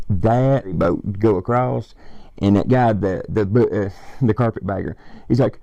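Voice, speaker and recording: Man, loose rambling fan chat with cussing; dark tone, dry close sound. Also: lowish voice, moderate pace, creaky, no room sound, dull audio. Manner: rambling, swearing, quoting lines. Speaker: movie fan vlogger. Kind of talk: casual movie retelling.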